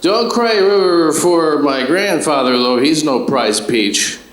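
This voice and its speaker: A man works a comedy club stage with a handheld mic, and his voice bounces around a roomy space. He talks at an everyday pitch, spinning family stories in a dry, offhand way and throwing quick questions to the crowd. A faint hum of the room sits under him. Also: lively intonation. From Chicago. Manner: dry, conversational storytelling with asides to the crowd. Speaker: stand-up comedian. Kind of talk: stand-up comedy set. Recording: roomy live club sound.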